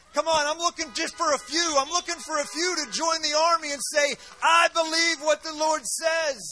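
A male guest preacher delivering a loud, emphatic revival sermon with call-and-response in a church. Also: extremely high pitch. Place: church sanctuary.

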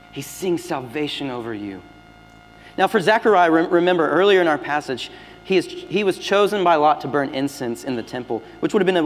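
A man preaching a sermon as pastor, swinging between loud emphatic lines and hushed, near-whispered ones. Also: on the high side, slight background noise. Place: church sanctuary. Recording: long hall reverb with faint music.

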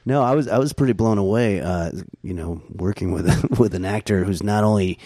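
A man's voice: fairly low pitch, brisk, warm tone, no room sound, clean studio sound. A man guesting on a podcast, chatting casually and telling stories with loose, profane asides. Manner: loose, profane, acts out quoted people. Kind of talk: casual chat, storytelling.

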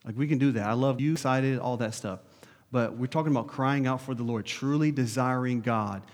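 Male preacher, mid-pitched, earnest sermon delivery with urgent rises, long church reverb. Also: a little fast. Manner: earnest, rising to urgent questions, dropping soft for prayer. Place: church sanctuary.

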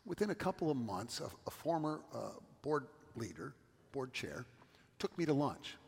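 A man's voice: medium pitch, sing-song, normal speed, gravelly, a little mellow, husky, long reverb tail. A middle-aged man from California, a pastor giving a sermon and telling stories with asides to the congregation.

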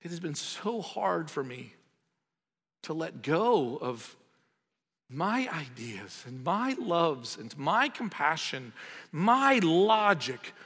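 Male pastor, high-pitched, impassioned sermon delivery, big reverberant hall. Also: sing-song, slow, slightly rough. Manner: impassioned, swells loud on emphatic lines then drops quiet.

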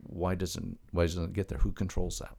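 A man's voice: low-pitched, little pitch movement, moderate pace, gravelly, mellow, slight background noise. A middle-aged man talking as a health expert guest in a podcast interview, emphatic and fond of rhetorical questions, drifting into chatty anecdotes.

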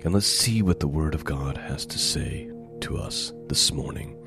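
A man giving a relaxed, conversational Bible teaching, reading scripture aloud with rising emphasis. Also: a bass voice, measured pace, vocal fry, over music. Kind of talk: conversational Torah portion teaching.

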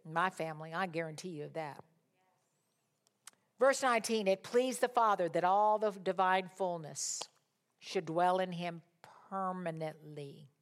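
A woman preaching a sermon, rising to loud, impassioned declarations and dropping to soft, chatty asides. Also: fairly low pitch, measured pace.

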